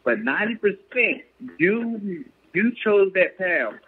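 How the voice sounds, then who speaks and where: A husky-voiced man talks earnestly as a guest, often asking whether he is understood. His voice sits a bit high and comes through a tinny phone line. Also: sing-song, slow. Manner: earnest, keeps asking "you get what I'm saying". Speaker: professional boxer, guest. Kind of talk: casual chat.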